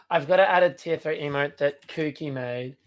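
A man's voice: a little high, moderate pace. A young man, a streamer, talking in a casual chat, rambling and hesitant with lots of fillers. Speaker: streamer guest.

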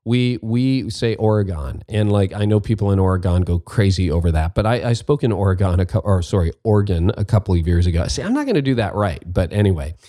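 A man's voice: fairly low pitch, expressive, fast, hardly any pauses, dark tone, no echo, studio quality. A middle-aged man from Canada hosting a podcast, answering listener questions in a candid, self-deprecating way and repeating his key points. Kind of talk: casual advice talk.

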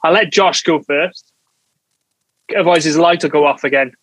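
Male host, high-pitched, relaxed and friendly, dry close sound. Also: normal speed, breathy edge, no room sound, poor audio. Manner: relaxed, friendly, calls guests mate and man. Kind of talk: casual chat hosting.

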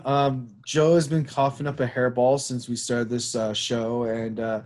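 A man's voice: medium pitch, darkish tone. Rambling man hosting a casual chat show. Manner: rambling, with many fillers and restarts. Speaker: show host.

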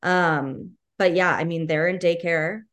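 A woman's voice: on the low side, fairly even intonation, unhurried, a bit bright. A woman speaking as a podcast guest, casual and encouraging, with lots of "like" and "you know.".

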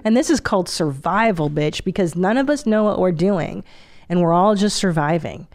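A woman's voice: on the low side, animated, normal speed, darkish tone. A woman in her forties hosting a podcast, chatting in a blunt, profane way and laughing often. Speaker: podcast host. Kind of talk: casual comedic monologue.

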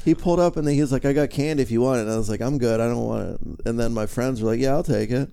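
Podcast co-host, man, mid-pitched and warm, rambling storyteller who quotes people. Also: very fast, vocal fry, clear, resonant tone. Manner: rambling anecdotes with quoted voices. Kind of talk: casual storytelling chat.

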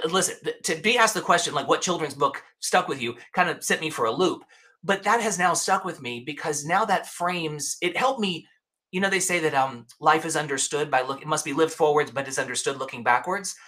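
A man's voice: fairly high pitch, normal speed, bright, forceful tone. A man talking as a guest in a casual interview, emphatic and storytelling, often restarting his sentences. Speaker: podcast guest.

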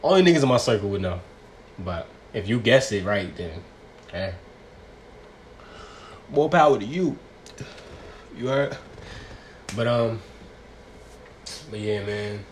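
A man's voice: on the low side, takes it slowly, pauses often, slight background noise. A young man hosting a casual solo podcast, talking in a profane, rambling, slang-heavy way. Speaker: podcast host.

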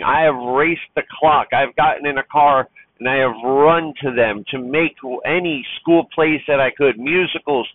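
Tearful truck-driving dad, tinny sound. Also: male voice, a little high, dry recording. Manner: heartfelt, rambling, with restarts and fillers. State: emotional, near tears. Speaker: truck driver and father. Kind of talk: personal vlog monologue.

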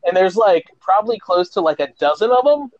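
A man with a fairly high voice tells a movie plot with a lot of swearing and lively energy, jumping into the characters' lines. The recording is dull and lo-fi. The room sounds completely dry. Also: fairly quick, dry recording. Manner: profane, animated storyteller, acts out quotes. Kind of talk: casual movie recap.

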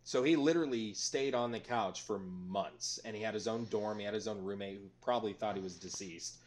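A man's voice: fairly low pitch, fairly quick. A man in his twenties on a podcast, joking crudely and laughing often while telling stories. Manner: rowdy, jokey, laughs often, crude humor. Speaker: podcast co-host. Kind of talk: casual chat.

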